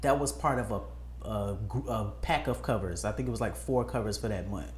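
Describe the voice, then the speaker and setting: A man's voice: fairly low pitch, moderate pace. A man co-hosting a podcast in casual chat, rambling with plenty of fillers and side-tracks. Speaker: podcast co-host. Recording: roomy echo.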